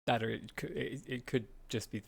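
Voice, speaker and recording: A man's voice: medium pitch, normal speed, vocal fry, husky. A young man talking casually to viewers during a live stream, rambling and apologetic.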